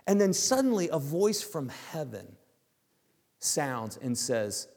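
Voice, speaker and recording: A male preacher delivers an emphatic sermon. His voice sits a little high and carries a gravelly grain. Long hall reverb trails after his lines. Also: big pitch swings. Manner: emphatic, slows down and drops to a hush on key words. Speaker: pastor.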